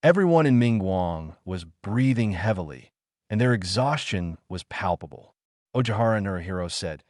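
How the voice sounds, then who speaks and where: A male audiobook narrator reads a web novel in a low voice whose pitch rises and falls a lot. The sound is dry and close, with no room around it. He keeps one voice for narration and dialogue and pauses unevenly. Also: big pitch swings, a little mellow, no room sound. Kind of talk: flat read-aloud novel narration.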